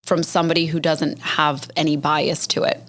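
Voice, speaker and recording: A woman guest on a podcast with a somewhat low-pitched voice. She talks in an earnest, reflective way, working through her thoughts aloud with small restarts. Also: level tone, moderate pace. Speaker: guest, business networking organizer. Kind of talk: casual conversational interview.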